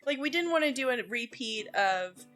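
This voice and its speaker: A woman with a Texan accent co-hosting an art podcast in casual, animated chat, laughing often and talking fast when excited. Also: fairly high pitch, faint music behind. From Texas, USA. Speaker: podcast co-host.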